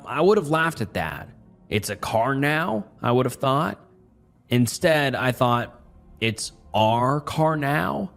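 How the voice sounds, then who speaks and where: A man reading a scripted first-person horror story in a measured, even storytelling delivery. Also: mid-range voice.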